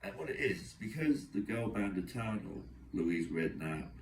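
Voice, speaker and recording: A young man with a low, deep voice pours out a rambling, aggrieved monologue. He talks in long run-on strings of complaint. The recording is roomy and echoey, with the voice sitting back from the microphone over a faint background hum. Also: sing-song, normal speed, gravelly, distant mic. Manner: aggrieved, agitated, run-on storytelling. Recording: echoey room, voice away from mic.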